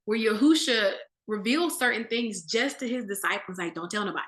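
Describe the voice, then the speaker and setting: A woman leading a casual, animated Bible study. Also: a little high, brisk, reverberant. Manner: animated, conversational, with slang.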